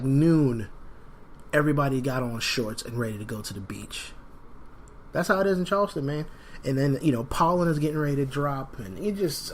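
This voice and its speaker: A man hosting a solo podcast in a rambling, animated way, sniffling from a cold. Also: mid-range voice, a little hiss or hum. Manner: rambling and animated, frequent fillers. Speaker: podcast host. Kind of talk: casual solo podcast talk.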